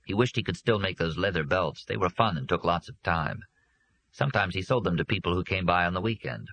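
A man reading a novel aloud as a narrator, with a steady, measured delivery. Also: low voice, breathy edge. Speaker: audiobook narrator. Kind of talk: scripted narration.

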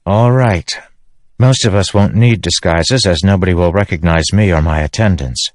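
A man's voice: low-pitched, normal speed, no room sound, studio quality, natural voice. A man voicing a teasing, bossy young woman who is an illusionist, in an audiobook. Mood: brisk teasing.

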